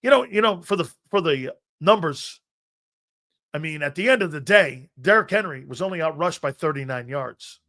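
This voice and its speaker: Sports talk host, man, fairly high, bright and forceful voice, emphatic and argumentative, loops back on his phrases. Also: animated, normal speed. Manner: emphatic, argumentative, repeats himself while building a point. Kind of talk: opinionated sports talk on a live stream.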